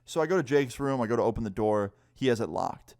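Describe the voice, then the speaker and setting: A young man casually telling a story time, animated and swearing, acting out what people said. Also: medium pitch, fast talker, no room sound, studio quality. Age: young adult. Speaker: storyteller vlogger.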